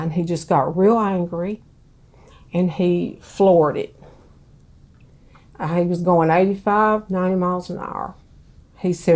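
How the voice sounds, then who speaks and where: A middle-aged woman, telling her own story in an interview in a plain, unhurried way. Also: on the low side, dark tone. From Southern US. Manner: slow, plain-spoken storytelling. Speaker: interviewee, ex-wife of a street preacher. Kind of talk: recounting her life in an interview.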